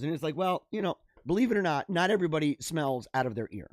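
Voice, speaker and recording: A podcast host talks fast with lively intonation in a highish voice, captured in a clean, dry studio recording. Speaking directly to his audience, he reads out quirky news and riffs on it casually with lots of laughs.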